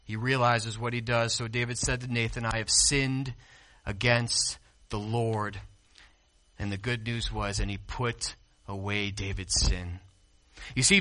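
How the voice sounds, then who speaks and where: A man preaching a sermon as pastor. He swings between hushed, quiet stretches and loud, emphatic peaks, and puts questions to the congregation. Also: high voice.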